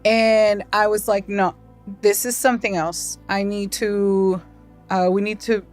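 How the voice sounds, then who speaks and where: A woman hosting a podcast, chatting in a relaxed way and often answering with short agreeing sounds. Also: medium pitch, unhurried, faint music behind. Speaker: podcast host. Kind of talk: casual chat.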